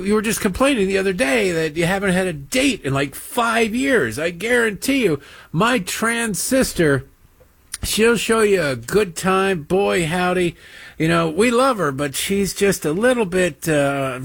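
Male talk host, middle-aged, sarcastic and mocking; lively, swooping delivery, slightly husky tone. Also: high voice, dry recording. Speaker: political talk show host. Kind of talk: opinionated monologue with mocking impressions.

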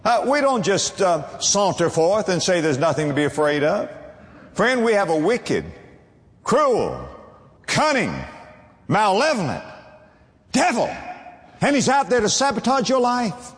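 A man preaching a sermon as pastor, emphatic, swinging between low and high. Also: big pitch swings, normal speed, in a large hall.

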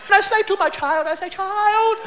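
A man doing a stand-up impression of a fatherly older male comedian, telling a family tale in a drawn-out, sing-song, mock-scolding way. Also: extremely high pitch, background noise, voice pushed up. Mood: storytelling. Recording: echoey live stage recording.

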